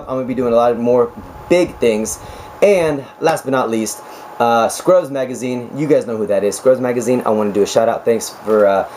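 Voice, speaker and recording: A man in his twenties, a nurse talking casually to camera with a raspy, hoarse voice, chatty and joking, with laughs between stories. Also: medium pitch, mellow, slight background noise, low-quality recording. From United States. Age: 20s. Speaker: nurse vlogger.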